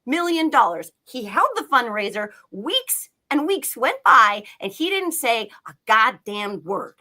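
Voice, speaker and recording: A woman's voice: a little high, sing-song, a little slow, sharp tone. A woman giving a heated, profane political rant on a live talk show, talking emphatically. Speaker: political commentator.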